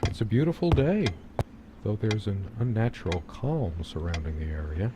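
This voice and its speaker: A man voicing a brooding middle-aged husband who recalls his wife in a wistful, slow inner monologue, from a game. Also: lowish voice, sing-song, very noisy. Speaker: game protagonist narrator. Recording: game audio with loud music.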